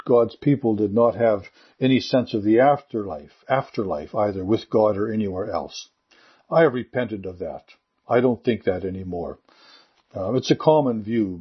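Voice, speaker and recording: A pastor delivering a sermon and leading a prayer in an earnest, measured way. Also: male voice, fairly low pitch, husky, lo-fi sound.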